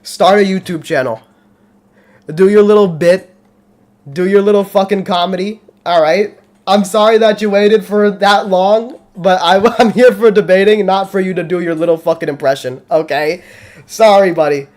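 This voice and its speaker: A man's voice: high-pitched, steady tone, moderate pace, a little mellow. A male host of a live call-in debate stream, arguing bluntly and heatedly with frequent swearing.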